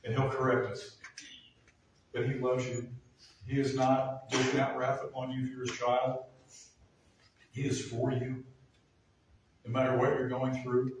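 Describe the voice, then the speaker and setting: A man's voice: medium pitch, completely flat delivery, unhurried, long pauses, slight background noise. Earnest male pastor preaching in an echoey hall. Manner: earnest, builds to emphatic peaks. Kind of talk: sermon. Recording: echoey room from far off.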